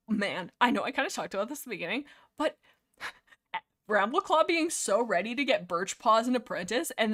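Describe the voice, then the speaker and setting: Brief: female streamer, casual rambling book talk, sarcastic, mid pitch. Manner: animated, sarcastic, many fillers and restarts. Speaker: streamer discussing a book series.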